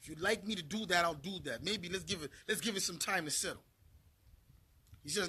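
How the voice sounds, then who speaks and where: A middle-aged man from Zimbabwe, profane and heated, repeating himself as he rants to camera in a vlog. His voice sits high for a man, bright and a little husky. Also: a little fast, long pauses. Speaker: vlogger. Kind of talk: angry rant to camera.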